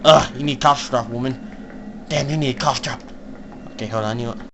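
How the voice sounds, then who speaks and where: A young man giving casual, joking commentary while playing an online horror game, swearing and laughing often and shouting when startled. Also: mid-range voice, normal speed, slight background noise, rough recording. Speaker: gaming YouTuber. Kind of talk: casual let's-play commentary.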